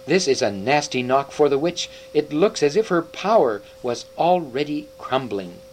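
A man doing an excitable storybook beaver, pitched up high and bursting with eager calls, his lively voice leaping up and down. The beaver sounds thrilled and can barely keep still. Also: normal speed, slight background noise, natural voice, low-quality recording. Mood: delighted. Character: excited male talking beaver.

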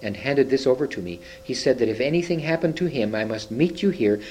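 A man voicing a timid, secretive male beaver in a hoarse, throaty whisper, read from a storybook. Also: mid-range voice, expressive, brisk, a little hiss or hum, close to an everyday voice, low-quality recording. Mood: hushed urgent. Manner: hushed and urgent. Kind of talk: reading a storybook aloud.

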